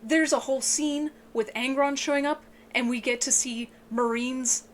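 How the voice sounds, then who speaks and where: An excitable woman giving an emotional, casual book review, swearing often and sounding tearful. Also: moderate pace. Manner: excitable, swears a lot, voice breaks into high yelps.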